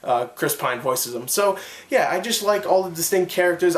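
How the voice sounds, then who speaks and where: A man's voice: fairly high pitch, a bit bright. Enthusiastic young man in an echoey room. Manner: enthusiastic, rambling, many fillers and restarts. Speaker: film reviewer. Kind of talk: casual film review.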